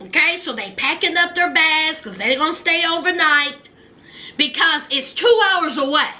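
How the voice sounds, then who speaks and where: A woman's voice: high voice, moderate pace, pushed and bright. A woman giving a sassy, chatty, casual commentary recap, often laughing at her own jokes. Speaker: reality show recapper.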